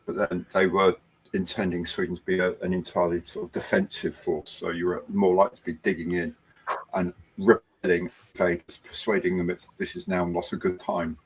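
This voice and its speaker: A man's voice: low-pitched, lively intonation, a little fast, gravelly, slightly rough, rough recording. A man on a panel of a hobby livestream, casually explaining military history details. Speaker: panel guest on a hobby stream.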